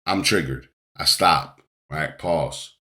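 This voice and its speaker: A middle-aged man speaks in a very deep, low voice as he coaches his podcast listeners. He talks emphatically and repeats his key points, often tagging his sentences with a questioning "right?". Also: slow, pushed and bright. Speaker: life coach and podcast host. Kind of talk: motivational podcast monologue.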